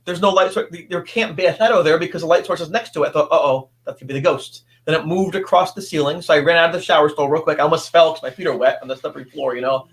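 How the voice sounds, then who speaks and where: A high-pitched man recounts a personal story with earnest intensity, stumbling and restarting often. He sounds like a guest in his fifties speaking on an interview show. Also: fairly bright tone. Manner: earnest, halting, many restarts.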